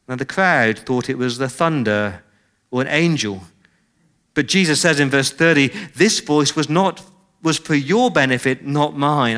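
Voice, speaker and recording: A man delivers a sermon to a church congregation in a fairly high voice. He is expressive and swings between loud and quiet. He stretches out key phrases for emphasis. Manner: expressive, dramatic shifts in pitch and loudness. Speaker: pastor.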